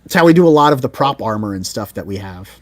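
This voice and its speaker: A man's voice: lowish voice, animated, fast talker, no room sound. A man in his forties, a podcast guest talking eagerly about props he makes, rambling and correcting himself as he goes. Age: 40s. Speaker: guest, prop and figure maker. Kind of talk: casual podcast chat.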